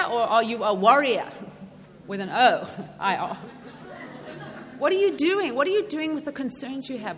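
A woman's voice: sits high, slight background noise. A woman preaching a sermon to women, earnest and repeating questions to the audience. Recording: long hall reverb, faint ambience.

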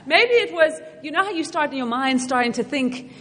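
High-voiced woman preaching in a hall. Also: lively intonation, normal speed, sharp tone, slight background noise. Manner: earnest, repeating questions to the audience. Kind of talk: sermon. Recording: long hall reverb, faint ambience.

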